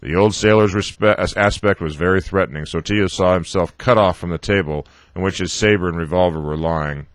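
A man reading a novel aloud, haltingly, often stumbling over words and correcting himself. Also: sits low, no echo. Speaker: reader.

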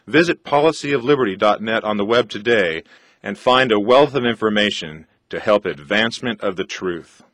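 A man, a radio host, reading a scripted promotion for his website in an earnest, deliberate way. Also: fairly low pitch, lively intonation, a bit bright, dry recording.

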